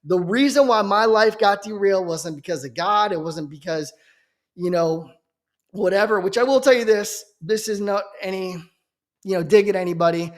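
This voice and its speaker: A man's voice: sits high, normal speed. A young man giving an earnest, fervent Christian testimony as a preacher, often checking in with "okay?". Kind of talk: emotional personal testimony.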